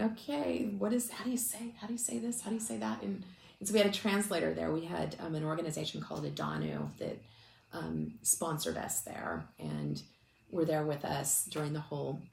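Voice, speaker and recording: Low gravelly-voiced woman, chatty and emotional. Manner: chatty, many restarts and fillers. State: emotional, close to tears. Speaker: ministry speaker. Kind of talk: casual storytelling talk. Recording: echoey room with faint noise.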